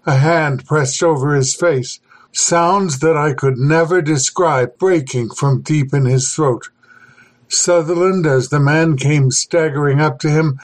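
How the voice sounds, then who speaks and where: A man reading a horror story aloud as the podcast host, slow and deliberate. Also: fairly high pitch, low-quality recording. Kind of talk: scripted horror narration.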